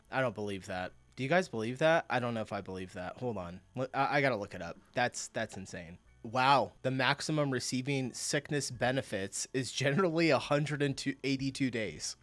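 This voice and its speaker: A man's voice: mid-range voice, animated, brisk, few pauses, fairly bright tone, no echo. Man hosting a reaction vlog, easygoing and incredulous, in a middle register. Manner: chatty, laughs often, bursts of disbelief. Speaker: reaction video host. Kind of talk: casual commentary reacting to clips.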